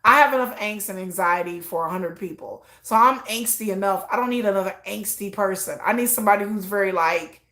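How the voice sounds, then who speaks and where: Brisk and fairly bright, with a medium pitch and few pauses, a middle-aged woman rambles through a casual livestream chat. She mocks herself as she goes and voices both sides of conversations from memory.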